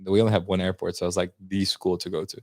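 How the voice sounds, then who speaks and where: Fast-talking deep-voiced young man. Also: level tone, darkish tone, no echo, studio quality. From United States, Salvadoran family. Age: 20s. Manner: fast, slangy, mixing Spanish into English. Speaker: podcast guest. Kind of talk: casual chat, storytelling.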